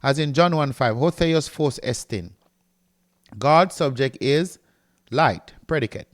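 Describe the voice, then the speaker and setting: A man's voice: mid-range voice, lively intonation, slow. A man teaching a recorded grammar lecture, explaining step by step and often checking in with "right?" while he reads from a textbook and writes on a board. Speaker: Greek teacher.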